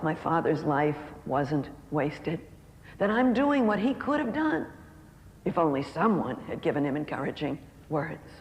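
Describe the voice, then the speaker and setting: A speaker telling a heartfelt story in a sermon, slowing down to let key lines land. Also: mid-range voice. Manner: heartfelt storytelling, slows for emphasis. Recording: echoey hall with faint background noise.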